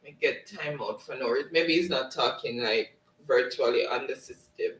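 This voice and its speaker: A man's voice: mid-range voice, normal speed, a bit bright. A man hosting a live stream in casual chat, reading out viewer comments and often laughing. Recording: roomy, distant mic.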